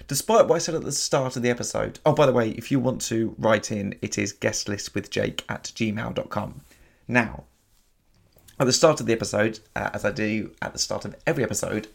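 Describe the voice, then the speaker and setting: Young English podcast host with gravelly voice. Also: male voice, on the low side. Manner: laughs often, hesitant with fillers. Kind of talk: casual podcast chat. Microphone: video call.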